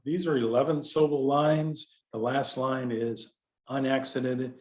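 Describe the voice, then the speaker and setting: A contest director with a Texan accent teaches poetry explication in an informal lecture, talking conversationally, digressing and correcting himself with fillers. His mid-range voice is steady and a little slow, and the sound is roomy.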